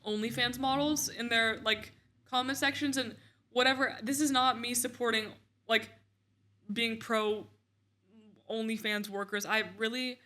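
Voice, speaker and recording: A woman's voice: fairly high pitch, steady tone, measured pace, pushed and bright. A young woman co-hosting a casual chat show, talking in a chatty, opinionated way with lots of filler words. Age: young adult. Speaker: co-host, daughter of the other host.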